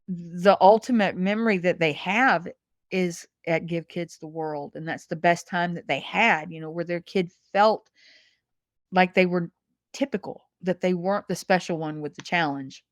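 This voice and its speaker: Earnest woman with a lowish, dry voice. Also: normal speed, no room sound. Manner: earnest, emotional, repeats words. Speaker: podcast guest. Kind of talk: heartfelt interview conversation.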